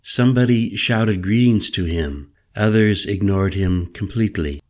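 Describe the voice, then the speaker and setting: Slow, low-voiced male story narrator. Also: a little mellow. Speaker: audiobook narrator. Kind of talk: first-person scripted narration.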